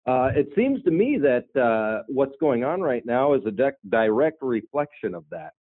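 A man's voice: medium pitch, big pitch swings, moderate pace, no room sound. A male caller rambles through his point with plenty of fillers, his voice thin and squeezed through a phone line. It sounds dry, with no room behind it. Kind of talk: casual call-in chat.

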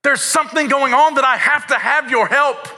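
A frantic landowner pleads for help, his voice pushed high and strained with desperation, as a preacher acts him out in a sermon. The tone is sharp and tense, and the pitch sits well above the speaker's natural range. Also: moderate pace, heavily acted. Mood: pleading. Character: desperate male landowner begging for harvest workers. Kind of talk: sermon storytelling.

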